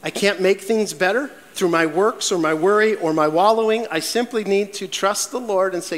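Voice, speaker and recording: A man preaching a sermon as pastor, telling stories with animated, acted-out voices. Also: high voice, normal speed, few pauses. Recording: echoey hall with long reverb.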